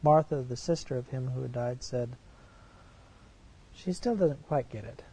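Dark-voiced man preaching a sermon. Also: mid-range voice, measured pace, slightly rough, low-quality recording. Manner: reads verses aloud then comments, with rhetorical questions. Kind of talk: sermon, reading and commenting on scripture.

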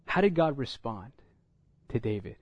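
A middle-aged man preaching a sermon, telling stories and acting out the dialogue, getting louder and higher when excited. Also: normal speed, no room sound. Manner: animated storytelling, acts out dialogue, rises when excited. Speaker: pastor.

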